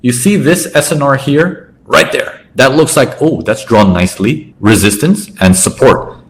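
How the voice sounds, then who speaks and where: A man teaching a trading lesson over a chart walkthrough, talking in an animated way and acting out traders' thoughts in quoted asides. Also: mid-range voice, measured pace, poor audio. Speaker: trading educator.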